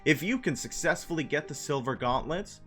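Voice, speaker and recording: A bold young female thief from a game asks a kid for a favor in a sly, coaxing way, as a man reads her lines aloud. The reading swings widely in pitch, and she sounds a little pleased with her own scheme. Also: expressive, normal speed, pushed and bright, faint music behind.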